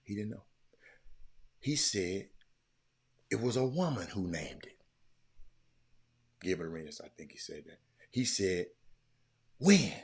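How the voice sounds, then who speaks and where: A man hosting a casual sports commentary talk, telling a story animatedly and getting loud when he quotes others. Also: low voice, unhurried, pauses often, husky. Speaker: podcast host.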